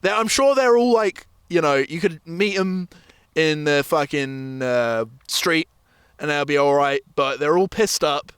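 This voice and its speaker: A man's voice: on the high side, measured pace, smooth, dry recording, studio quality. A young man hosting a podcast, telling stories casually and animatedly and often acting out what others said. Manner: animated storytelling with acted-out quotes, laughs often. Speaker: podcast host. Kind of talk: casual chat.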